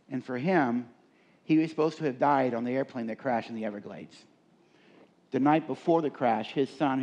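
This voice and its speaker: A muffled recording captures a middle-aged man at a live leadership seminar. Speaking in a medium-pitched, slightly mellow voice, he tells stories and asks the crowd questions conversationally.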